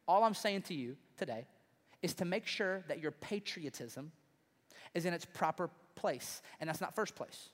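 In a fairly high, animated voice at normal speed, a pastor delivers his sermon conversationally yet emphatically, often posing rhetorical questions. He's in a large church auditorium, and long reverb fills the recording.

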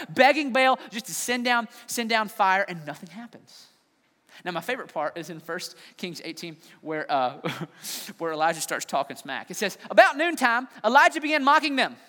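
Animated preacher in a reverberant hall. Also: male voice, high-pitched. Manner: animated storytelling with playful trash-talk voices. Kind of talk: sermon.

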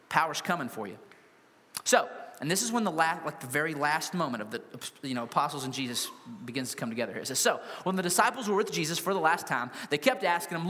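Animated high-voiced male preacher in a hall. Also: quick pace. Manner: animated, humorous, rhetorical questions. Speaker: pastor. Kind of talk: sermon. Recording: long hall reverb.

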